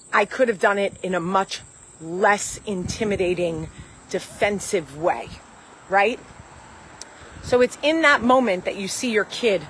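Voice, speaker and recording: A woman in her forties speaks candidly to camera, acting out both sides of a remembered exchange. Her voice sits at an ordinary middle pitch, and a faint hum of passing vehicles runs underneath. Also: low-quality recording. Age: 40s. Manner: candid, animated storytelling, acts out quoted dialogue. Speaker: host. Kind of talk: casual talk to camera.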